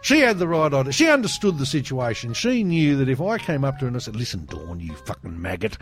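A man blusters through a mock-angry rant, his pitch swooping up and down as he plays a foul-mouthed swim coach. Faint music sits behind his voice. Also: big pitch swings, fast talker. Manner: blustering, sweary, mock-furious rants. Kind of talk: comedic radio banter.

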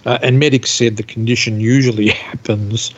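A man co-hosting a podcast, reading out news items with a deadpan, measured delivery. His voice comes through slightly muffled on a lo-fi recording. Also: medium pitch. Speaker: podcast co-host.

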